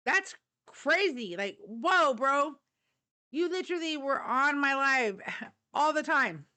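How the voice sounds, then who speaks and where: A woman's voice: high-pitched, expressive, slow, pushed and bright. Blunt, fired-up woman streamer. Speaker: livestream host. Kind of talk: live political talk stream.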